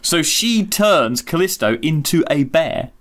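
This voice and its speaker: A man's voice: on the high side, animated, a little slow, a bit bright. A man co-hosting an astronomy podcast over a video call, telling myths in a cheeky, irreverent way with casual swearing. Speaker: co-host. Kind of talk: casual storytelling chat.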